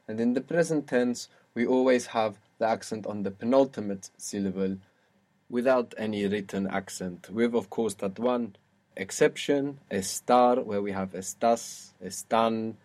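Low-voiced man teaching a language lesson. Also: a little mellow. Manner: patient, explanatory, slows down on example words.

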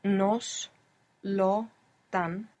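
A woman's voice: mid-range voice, fairly even intonation, drawn-out words, a little mellow. A woman answering as the student in an audio language lesson, careful and thinking aloud.

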